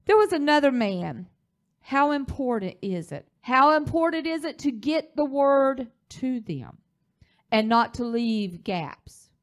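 A woman's voice: sits high, animated, slow pace. A woman, the pastor's wife, teaching a church leadership class in a preaching style, telling a story with emphasis.

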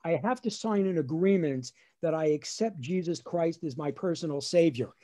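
A middle-aged man with a New Jersey accent, fairly high-pitched and speaking at a moderate pace, tells funny family stories on a webinar video call. He's a lawyer and comedian doing storytelling stand-up, animated throughout and acting out his relatives' voices.

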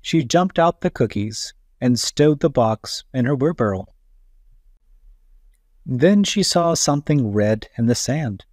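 A man's voice: medium pitch, animated, takes it slowly, darkish tone, dry recording. A man narrating a children's story at a careful storytelling pace. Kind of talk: children's read-aloud narration. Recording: dry voice-over with faint music.

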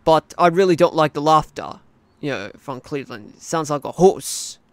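A rambling Australian cartoon man, as a hobby voice actor puts him on, who pads every thought with fillers and restarts. His voice sits a little high for a man, smooth and clear, and dry with almost no room sound. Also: lively intonation, moderate pace, no room sound, close to an everyday voice. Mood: complaining. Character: rambling male cartoon interviewee, adult.

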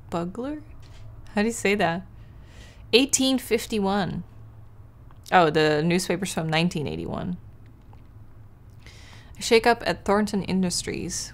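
A young woman streamer casually commenting on a video game, swearing and reading text aloud. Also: medium pitch. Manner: chatty, swears, reads on-screen text aloud. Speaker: gaming streamer. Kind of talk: casual let's-play commentary.

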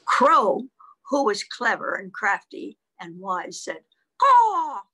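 A woman's voice: medium pitch, unhurried, creaky, pushed and bright, husky. A woman reading a picture book aloud to toddlers, sing-song, stopping to ask them questions. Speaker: children's storyteller.

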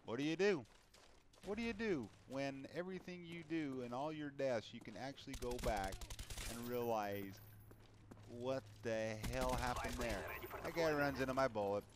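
A man's voice: mid-range voice, moderate pace, a little hiss or hum. Profane, frustrated man ranting over gameplay. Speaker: gamer commentating his own gameplay. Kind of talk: casual gameplay commentary. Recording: gameplay with loud gunfire behind. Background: game gunfire and clicks.

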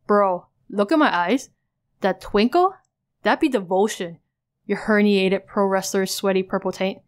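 A brash teenage boy from a webcomic spins crude, rambling boasts in a chat log. A woman reads him aloud in a flat, plain delivery, with little change from her own voice. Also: mid-range voice, measured pace, close to an everyday voice. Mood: boastful. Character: cocky teen boy rapping in chat.

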